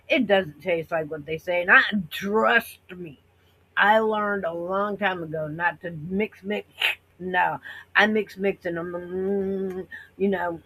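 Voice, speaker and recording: A middle-aged American woman vlogger chats to her viewers in a casual, rambling monologue, acting out how other people reacted. Her voice sits low with a sharp tone, and the recording is rough.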